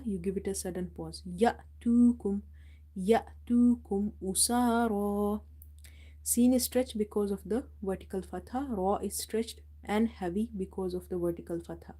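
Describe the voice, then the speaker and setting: A woman teaching Quran recitation in a live lesson, reciting verses slowly, repeating them and calmly explaining each rule. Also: medium pitch, breathy edge.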